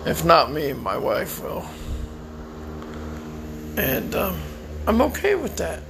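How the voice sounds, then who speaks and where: A tired, weak-sounding man speaking slowly and reflectively in a personal monologue to the camera. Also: a little high, huge pitch swings, creaky, noisy background. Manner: slow, reflective, prayerful. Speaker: vlogger.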